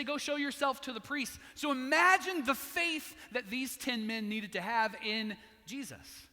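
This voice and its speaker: A man's voice: high-pitched, bright, forceful tone, long reverb tail. A man preaching a sermon as pastor, telling a story and acting out its voices.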